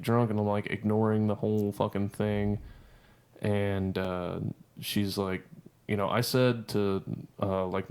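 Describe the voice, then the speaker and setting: A man's voice: on the low side, darkish tone. A man in his twenties, a podcast co-host, telling a story in casual, profane, rambling chat.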